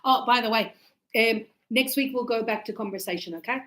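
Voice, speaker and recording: In a rough recording, a woman with a slightly high voice speaks a little fast while teaching English pronunciation to a class. She's animated, acts out examples, and keeps checking that everyone understands.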